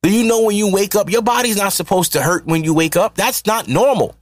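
A man hosting a podcast, ranting in a profane, mocking, animated way. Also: high voice, a little fast, dry recording. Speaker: podcast host. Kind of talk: solo podcast rant.

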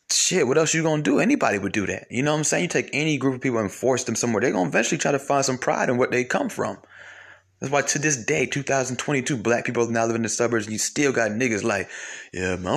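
A man's voice: medium pitch, gravelly, fairly bright tone. A young man talking in a heated, casual monologue, swearing and repeating himself, his voice climbing when he gets worked up.

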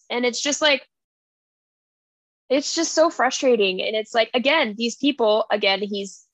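A woman's voice: on the high side, unhurried, long pauses, dry recording. A young woman co-hosting a book podcast, recapping a story in casual chat and acting out the characters' lines. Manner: animated retelling with playful quoted voices. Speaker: podcast co-host.

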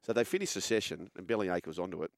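A man's voice: deep voice, quick pace, no room sound, studio quality. An Australian man hosting a casual sports chat, telling a story and acting out the quotes. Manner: animated storyteller, acts out quoted voices. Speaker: host.

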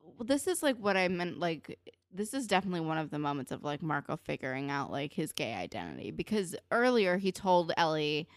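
A woman co-hosting a casual chat, recapping a TV episode in a chatty, filler-heavy way with animated retellings. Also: sits low, fairly quick, no echo, studio quality. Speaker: podcast co-host recapping a TV episode.

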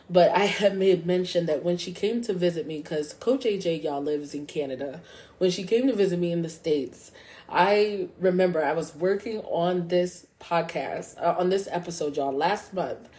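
A woman's voice: on the low side, moderate pace, a little mellow. A woman hosting a true-crime podcast, telling the story in a chatty, casual way, calling listeners y'all and swearing freely. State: up late at 3 a.m. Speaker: podcast host.

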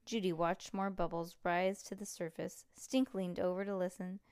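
A woman's voice: on the low side, little pitch movement, normal speed, hardly any pauses, a little mellow, smooth, no room sound, studio quality. A woman reading a children's book aloud to a child, playful and breaking off to chat about the story. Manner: playful, chats between passages.

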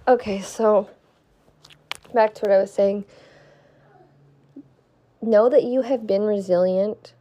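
A woman's voice: mid-range voice, dull audio. A young woman with a stuffy nose giving an earnest, heartfelt spiritual pep talk to her viewers, swearing now and then for emphasis. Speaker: vlogger.

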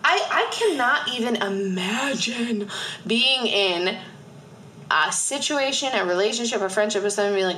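A woman in her thirties, a therapist co-hosting a casual podcast, talking in an animated way with frequent swearing and laughter. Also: medium pitch, moderate pace, reverberant, rough recording. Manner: animated, swearing, laughing often, acting out past selves. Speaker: podcast co-host. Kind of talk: casual chat.

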